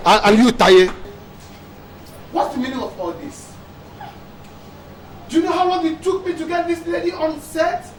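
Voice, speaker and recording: A harried TV producer, pleading and stammering with a lively voice. Steady noise runs behind. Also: female voice, sits high, moderate pace, long pauses, low-quality recording. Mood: angry. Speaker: TV producer character.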